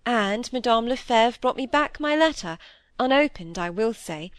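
Young woman pouring out a regretful confession, read by a woman; higher voice, close dry sound. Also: lively intonation, moderate pace, no echo, natural voice. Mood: confiding. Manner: earnest, regretful, rising to indignation. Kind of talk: audiobook reading of dialogue.

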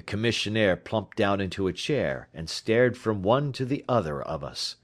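A man reading a classic story aloud as an audiobook narrator, in a measured and expressive way. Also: lowish voice. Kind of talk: scripted narration.

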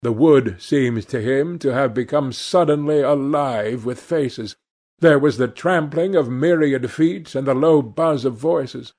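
A male narrator reading classic literature in a measured, deliberate way. He takes his time with every phrase, at an unhurried pace. His pitch sits right in the middle. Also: a little mellow. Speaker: audiobook narrator.

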